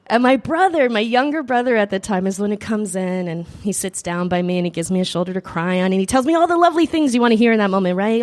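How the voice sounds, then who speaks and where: A woman telling a personal story live at a cafe open mic, animated and laughing often as she acts out the voices of people in her story. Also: mid-range voice, quick pace. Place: small cafe, live audience.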